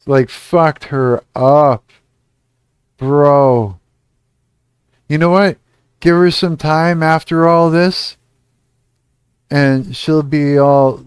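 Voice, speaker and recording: Male streamer host, slow smooth delivery, blunt and crude. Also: medium pitch, darkish tone, dry recording, studio quality. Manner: slow, crude, laughing reactions. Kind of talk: casual reaction commentary.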